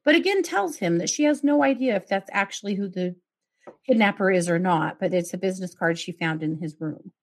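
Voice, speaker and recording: A woman's voice: mid-range voice, a little fast. A woman hosting a podcast, retelling a true crime case and acting out the quoted calls with outraged asides. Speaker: podcast host.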